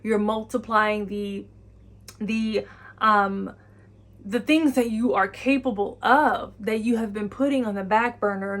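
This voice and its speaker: A woman giving an intuitive channeling message. She talks earnestly and encouragingly, repeats key phrases and often speaks in the listener's imagined voice. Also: fairly high pitch.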